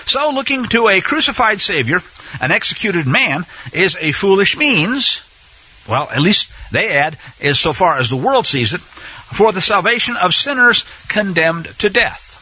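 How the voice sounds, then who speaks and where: A man's voice: high voice, very animated, measured pace, sharp tone, slightly rough. A man teaching a sermon-style Bible lesson. He speaks emphatically, asks rhetorical questions and repeats phrases for effect. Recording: dull, dry lo-fi sound.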